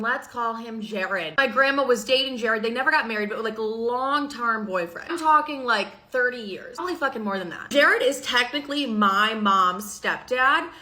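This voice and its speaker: A young woman telling a storytime straight into her phone, her voice bright and pitched a touch high. She talks bluntly and swears freely, keeping it loose and casual. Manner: profane, blunt, fast-talking.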